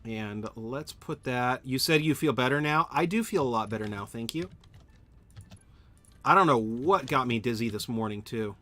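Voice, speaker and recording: Bright-voiced man streaming a game. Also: medium pitch, animated, moderate pace. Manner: thinks aloud, rambling with self-corrections. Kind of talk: live gameplay commentary, answering chat. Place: at home.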